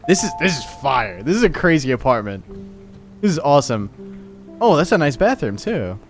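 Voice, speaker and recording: A man streaming a game live, talking excitedly and jokingly, cooing in baby talk at times. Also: medium pitch, normal speed, pauses often, faint music behind. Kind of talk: live gaming commentary.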